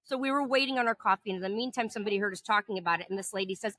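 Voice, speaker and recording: A jet-lagged woman co-hosting a podcast, chatting casually and telling animated, profane stories. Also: a little high, very fast, hardly any pauses, dry recording. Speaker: podcast co-host. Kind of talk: casual chat. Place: indoors at a table.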